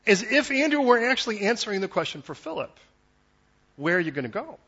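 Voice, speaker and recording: A man preaching a sermon as pastor, animated and conversational, acting out the people in his story. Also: high voice, fairly quick, husky, muffled recording.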